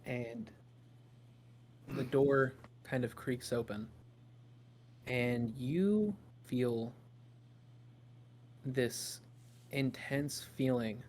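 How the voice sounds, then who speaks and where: A man's voice: mid-range voice, a little mellow, a little hiss or hum. A man narrating a tabletop game as game master, in a loose, improvised storytelling way with fillers.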